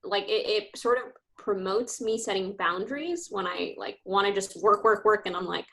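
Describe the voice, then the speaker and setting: A woman teacher speaking as a panel guest over a video call, chatty, with many "like"s and quick laughs. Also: mid-range voice, fairly even intonation, gravelly, pushed and bright. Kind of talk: casual panel discussion.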